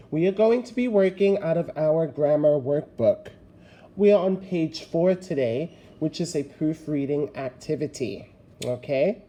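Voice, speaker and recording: Male teacher, recorded remote lesson, deliberate delivery that leans on key words, warm dark tone. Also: on the high side.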